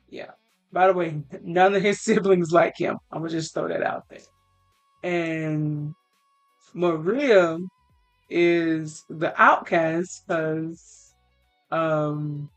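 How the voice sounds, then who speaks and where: Slow rambling woman narrating a game. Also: on the low side. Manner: rambling, casual, swears and uses fillers. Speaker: let's play creator.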